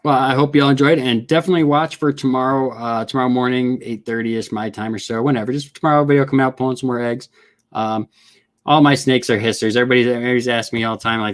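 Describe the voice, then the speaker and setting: A man's voice: mid-range voice, fairly even intonation, fast. A middle-aged man from the Upper Midwest who breeds reptiles and hosts his own channel. He talks casually in a vlog, chats to his snakes as he handles them and laughs often.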